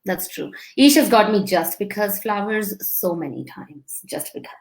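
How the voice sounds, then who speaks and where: Playful gravelly-voiced woman host. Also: mid-range voice, animated, normal speed. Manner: playful, teasing, laughs often. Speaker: show host interviewing her husband. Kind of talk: casual live-stream chat.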